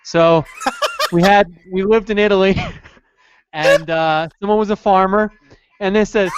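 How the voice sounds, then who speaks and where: High-voiced joking podcast guy. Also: steady tone, a little slow, long pauses, a little hiss or hum. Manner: joking, loose storytelling with put-on voices. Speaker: podcast co-host. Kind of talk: casual comedic chat.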